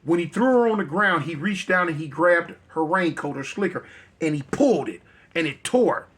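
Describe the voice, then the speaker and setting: A man's voice: on the high side, expressive, moderate pace, a bit bright, husky. A male storyteller telling a dramatic tale in a conversational, repetitive way.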